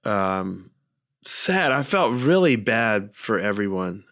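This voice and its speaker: A man's voice: fairly low pitch, sing-song, slow pace. A man co-hosting a podcast, speaking in a hesitant, reflective way in casual chat. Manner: soft-spoken, hesitant, reflective. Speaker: podcast co-host.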